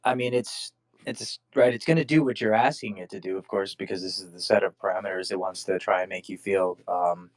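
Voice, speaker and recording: A man's voice: sits low, fairly even intonation, a little fast. A man hosting a casual discussion, rambling through his explanations with many restarts and fillers. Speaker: podcast host.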